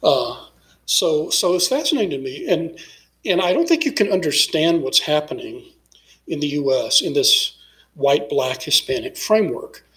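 A middle-aged man from Texas holds forth as a guest in a relaxed interview. His voice sits a little high for a man. He thinks out loud, stacking fillers and false starts as he goes. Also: normal speed, low-quality recording. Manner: discursive, many fillers and restarts. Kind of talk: casual interview conversation.

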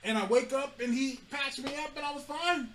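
A man's voice: very high voice, a little fast, slight background noise. A man co-hosting a casual podcast chat, telling stories with lots of laughter and swearing. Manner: animated storyteller, laughs often, swears freely. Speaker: podcast co-host.

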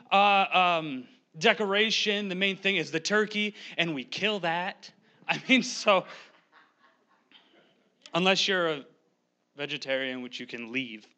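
A young man preaching a humorous sermon from a church pulpit, fast-talking, joking and animated, on a handheld microphone. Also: high-pitched. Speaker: guest preacher. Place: church sanctuary.

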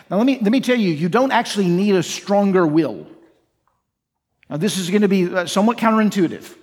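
A male pastor with a notably high voice delivers an earnest sermon, firing rhetorical questions at his listeners and slipping into imagined inner voices. His words ring out with a long reverb through a church hall. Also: animated, brisk, husky. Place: church sanctuary.

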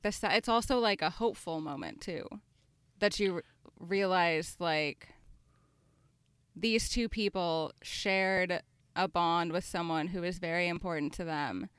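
A woman's voice: lowish voice, a bit bright, clean tone, dry recording. A woman co-hosting a podcast, chatting casually and thinking aloud, with many filler words. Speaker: podcast co-host. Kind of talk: casual chat.

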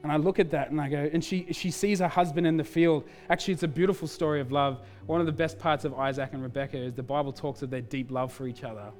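A man, a pastor, preaching a sermon in an animated storytelling way with quick asides. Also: fairly high pitch, soft background music.

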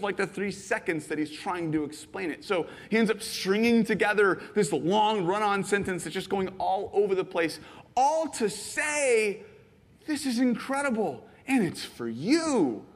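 A fast-talking pastor in his thirties, a man with a high voice, preaching with animated, filler-heavy storytelling. His voice rings in a church hall with a long reverb. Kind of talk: sermon. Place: church sanctuary.

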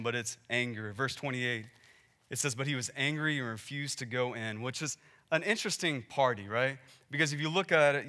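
A man preaching a sermon in a conversational way, building to emphatic peaks and dropping to quiet, pointed asides. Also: a little high. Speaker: pastor.

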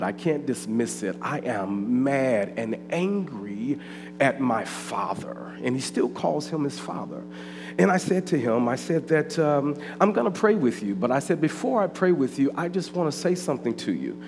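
A man preaching a sermon as pastor, with slow, deliberate, emphatic repetition. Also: mid-range voice. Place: church sanctuary. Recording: long hall reverb, faint hum.

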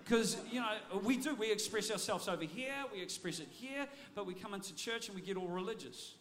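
A man with a high-pitched voice preaches a sermon. He talks with energy and often doubles back on his words as he restarts a phrase. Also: lively intonation, fairly quick, a bit bright. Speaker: pastor.

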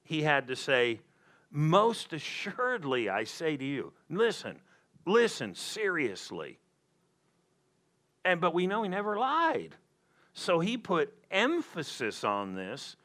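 A man's voice: a little high, pushed and bright. A man preaching a sermon in a conversational way, repeating his points for emphasis. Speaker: pastor.

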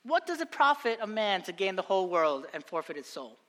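A man's voice: high-pitched, sing-song, fairly quick, sharp tone, long reverb tail. A young adult man preaching a sermon, earnest and exhorting, often repeating phrases for emphasis. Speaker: pastor.

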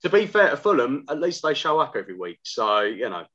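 A man's voice: medium pitch, very animated, fairly quick, fairly bright tone, muffled recording. A man as a podcast guest, telling casual anecdotes with quoted asides. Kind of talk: casual chat.

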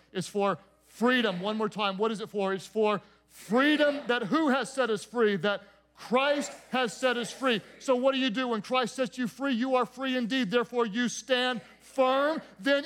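A male pastor preaching a sermon, leading the congregation in call-and-response chants and rising to shouts. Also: high-pitched.

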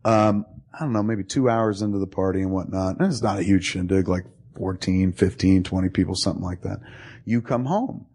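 A man telling a long story to a friend in casual talk, profane and animated, acting out both sides of the dialogue. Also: sits low, fairly quick, husky.

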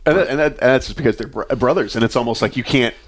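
A man hosting a podcast in a relaxed, casual way, nudging his guest along with quick agreement. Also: medium pitch, dry recording. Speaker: podcast host. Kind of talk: casual interview chat.

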